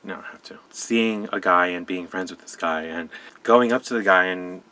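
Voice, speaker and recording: A young man from Colombia telling a personal story to camera, soft-spoken and hesitant, often restarting his sentences. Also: deep voice, moderate pace. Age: young adult. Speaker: vlogger. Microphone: camera mic.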